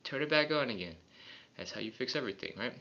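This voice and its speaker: A man's voice: medium pitch, expressive, quick pace, sharp tone. A man leads a live stretching class, talking casually and calling out each rep. His voice comes from a distance in an echoey room. The sound is muffled and lo-fi. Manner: chatty, self-mocking, counts reps aloud. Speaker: stretching instructor. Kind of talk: live follow-along workout coaching. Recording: roomy, distant, dull lo-fi.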